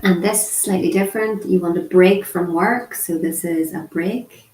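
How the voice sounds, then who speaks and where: A woman's voice: lowish voice, darkish tone. Chatty woman in an echoey room. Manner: chatty, unhurried, with frequent ums. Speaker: voice of a sign language teacher. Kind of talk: casual online sign language lesson.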